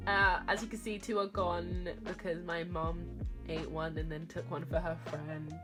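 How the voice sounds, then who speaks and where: A young woman talking casually in a home vlog, relaxed and chatty with lots of fillers. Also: on the low side, unhurried. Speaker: vlogger and podcast host. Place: home kitchen and garden. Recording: music playing underneath. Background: music.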